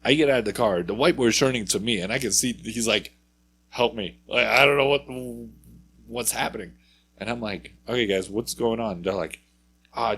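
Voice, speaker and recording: A man with a low, husky voice co-hosts a casual podcast chat. He rambles through anecdotes and breaks into acted-out quotes of what people said. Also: fairly bright tone. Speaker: podcast co-host.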